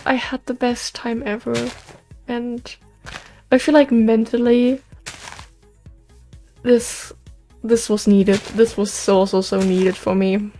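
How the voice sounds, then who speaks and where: A young woman hosts a let's play video, her fairly high voice moving slowly with long pauses while faint music plays behind her. Worn out after a concert, she chats casually as she games, rambling and emotional, getting excitable, restarting thoughts and sighing.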